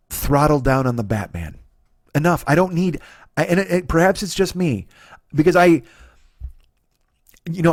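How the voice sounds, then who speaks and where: Here the middle-aged podcast comic's voice sits at medium pitch with a darkish tone, and there's no echo on the dry close mic. He hosts a comedy podcast, ranting profanely and sarcastically with stammering restarts.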